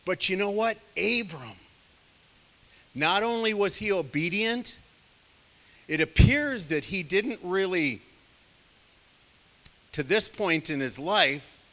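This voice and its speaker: Male pastor, slightly high bright voice, chatty sermon with frequent asides. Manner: conversational preaching with many asides.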